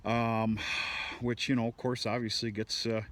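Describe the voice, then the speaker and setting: A folksy man talks through his farm chores in a casual vlog, rambling and restarting his sentences, with the odd mild curse thrown in. His voice sits at an ordinary pitch. The outdoor recording carries plenty of noise behind him. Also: level tone, unhurried. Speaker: cattle farmer.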